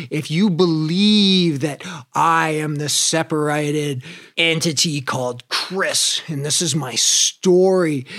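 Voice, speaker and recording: A man's voice: on the high side, a bit bright. A man giving a casual spiritual talk, conversational and loose, swearing freely and explaining with everyday comparisons. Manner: conversational, swears freely, acts out inner voices. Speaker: spiritual teacher.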